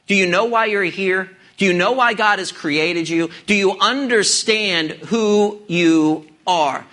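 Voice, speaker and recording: A man preaching a sermon, asking the listeners earnest rhetorical questions with dramatic pauses. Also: high-pitched, bright, forceful tone. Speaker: pastor.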